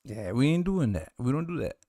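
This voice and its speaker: A man's voice: mid-range voice, sing-song, fairly quick, mellow, no echo, studio quality. A man hosting his stream, talking in a laid-back way and swearing casually in rowdy chat. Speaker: streamer host.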